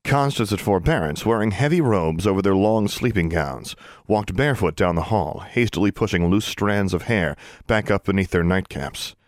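A man narrating an audiobook chapter with expressive storytelling. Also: deep voice, moderate pace, no room sound, studio quality. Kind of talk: scripted narration.

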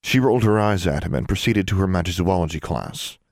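A man with a very low voice reads a storybook aloud. His delivery is steady and measured, and the recording is close and dry, with no room sound. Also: vocal fry, no room sound. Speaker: audiobook narrator. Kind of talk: scripted audiobook narration.

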